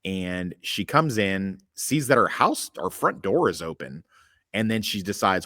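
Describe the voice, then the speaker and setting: A man in his thirties hosting a casual podcast chat, rambling, cursing and animated as he recaps an episode. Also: on the low side, a little slow, dry recording, clean studio sound. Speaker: podcast host.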